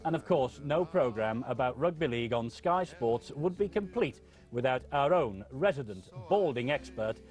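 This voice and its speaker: A man's voice: mid-range voice, expressive, normal speed, hardly any pauses, a little mellow, soft background music. A man presenting a sports show, jovial and teasing in studio banter with his co-host.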